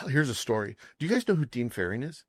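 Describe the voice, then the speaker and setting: A man hosts a casual chef podcast in a mid-range voice, telling animated stories and laughing often. The recording is dry and close. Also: mid-range voice, brisk, slightly rough, no room sound.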